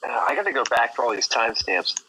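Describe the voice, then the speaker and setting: A man's voice: medium pitch, sing-song, fast, pushed and bright, a little hiss or hum, poor audio. A man joking around and chatting casually with friends on a live stream. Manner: joking, laughs at his own lines.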